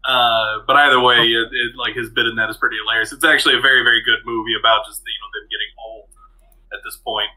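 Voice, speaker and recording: Bright, husky-voiced male podcaster. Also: mid-range voice, quick pace, low-quality recording. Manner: relaxed, hesitant, many fillers. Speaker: podcast co-host. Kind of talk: casual chat.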